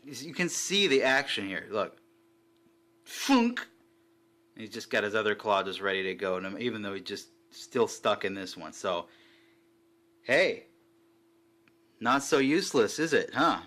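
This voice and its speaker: A man chatting casually and excitedly while reviewing a collectible figure, swearing now and then. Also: on the low side, moderate pace.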